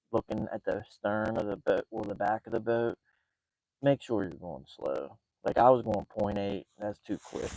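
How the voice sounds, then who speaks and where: A man live-streaming a night fishing trip from a small boat, talking in an excited, rambling way and breathing heavily. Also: on the low side, very noisy. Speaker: fishing vlogger. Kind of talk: live outdoor fishing vlog.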